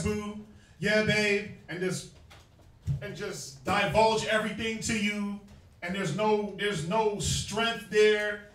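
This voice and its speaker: A man's voice: high voice, a bit bright, a little hiss or hum. A man preaching to a crowd, firing questions at them in a call-and-response Bible teaching. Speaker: street preacher. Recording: echoey space, far from the mic.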